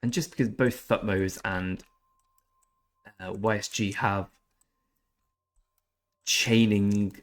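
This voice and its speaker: A man hosting a gaming channel, giving chatty, self-deprecating commentary over his gameplay. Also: on the low side.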